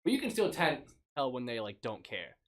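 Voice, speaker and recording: A young man co-hosting a casual podcast, retelling stories in an animated way and laughing often. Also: mid-range voice, a little fast. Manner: animated storyteller, laughs a lot. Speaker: podcast co-host. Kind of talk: casual chat.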